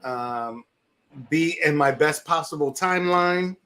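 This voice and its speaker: A man's voice: fairly high pitch, takes it slowly, fairly bright tone. A man co-hosting a podcast, chatting casually and cracking dry jokes. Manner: laid-back, joking, reads a closing quote. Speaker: podcast co-host. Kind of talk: casual chat.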